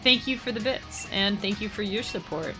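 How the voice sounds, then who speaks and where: A woman's voice: mid-range voice, music in the background. A young woman streaming a game live, chatting casually with her viewers and laughing easily. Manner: chatty, talks to chat, quick laughs. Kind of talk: casual live-stream chat while gaming.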